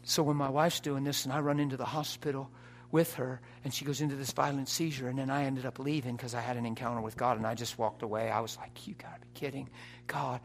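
A man preaching an impassioned sermon, dropping to a hush and rising to shouts. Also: mid-range voice, level tone, fast talker, few pauses, slight background noise. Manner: impassioned, swings from hushed to shouting.

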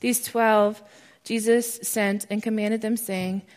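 A young woman from the United States giving a testimony and teaching at church, animated and growing loud and excited as she tells the story. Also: on the high side, takes it slowly. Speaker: speaker sharing a testimony. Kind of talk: church testimony talk with slides.

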